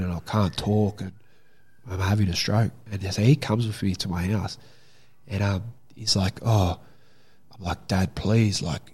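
A man's voice: lowish voice, darkish tone, slightly rough. A young Australian man telling a story from his own life in a casual, candid way, swearing freely. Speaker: guest.

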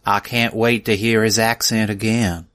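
A man's voice: lowish voice, little pitch movement, unhurried, fairly bright tone. A man co-hosting a podcast, talking in a casual, dry, joking way. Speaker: podcast co-host. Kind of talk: casual chat.

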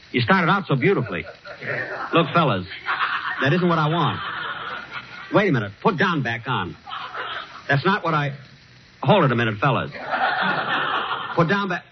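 Man, radio comic, indignant straight man, swooping pitch, old hissy broadcast sound. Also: sing-song, normal speed, long pauses. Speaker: comedy show host. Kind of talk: 1940s radio comedy acting. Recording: hissy dull vintage radio recording.

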